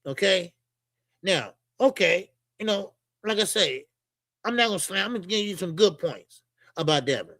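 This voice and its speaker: Give me a blunt, foul-mouthed boxing commentary host with a bright, tense voice. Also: medium pitch, expressive, normal speed, no echo. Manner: blunt, profane ranting at viewers; repeats lines for emphasis.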